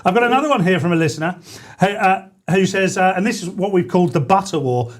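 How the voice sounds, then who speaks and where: A man's voice: sits high, lively intonation, fast talker. A man hosting a radio talk show, bantering in a playful, mock-earnest way and laughing often. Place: radio studio.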